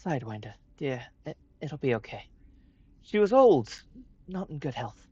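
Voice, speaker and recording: A man's voice: medium pitch, big pitch swings, normal speed, a little mellow, husky, no echo, highs cut off. A man voicing a worried dragon mother who stammers and speaks soothingly. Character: worried dragon mother, gentle then fearful.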